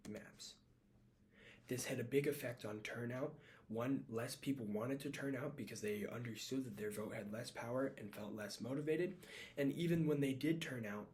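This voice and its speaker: A man's voice: mid-range voice, darkish tone. Man reading a class presentation. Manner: reads from a script with small slips and self-corrections. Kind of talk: read-aloud class presentation.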